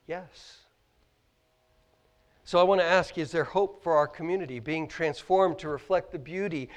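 Male Midwestern pastor, slightly higher voice, earnest sermon delivery in a church, questions the congregation, some stumbles. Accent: American Midwest. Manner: earnest, asks many questions, stumbles and repeats words. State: choked up with emotion. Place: church sanctuary.

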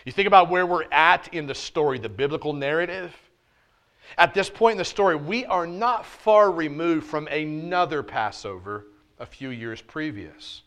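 At normal speed, a pastor preaches to his church congregation, moving from loud emphasis to quiet, low asides. Casual, jokey street language runs through his sermon.

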